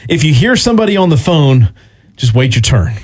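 A man's voice: fairly high pitch, very animated, brisk, slightly rough. A man hosting a sports talk radio show, bantering with callers and teasing them in a friendly way.

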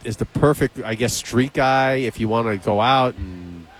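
Male radio host, mid-range voice, animated storyteller who acts out the quotes. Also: mid-range voice, moderate pace, low-quality recording. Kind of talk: casual radio banter, storytelling.

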